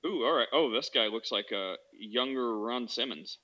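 A man in a casual group chat, excitable and joking. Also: medium pitch, moderate pace. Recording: dull lo-fi remote audio.

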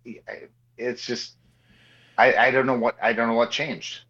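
A man co-hosting a sports podcast, riffing in an animated, joking way and repeating himself. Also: mid-range voice, unhurried. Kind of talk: casual sports talk. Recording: slightly dull, lo-fi mic.

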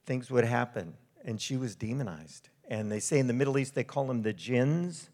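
A middle-aged man, a missionary ministry speaker, giving a storytelling sermon with slides in an animated, conversational way. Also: medium pitch, moderate pace.

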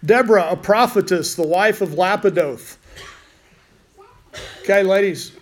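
A man's voice: high voice, unhurried. Rambling, joking man teaching the Bible.

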